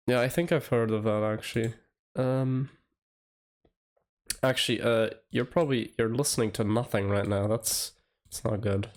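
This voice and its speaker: A young man in his twenties chatting casually on a live stream, halting and rambling with stammered restarts. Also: mid-range voice, fairly even intonation.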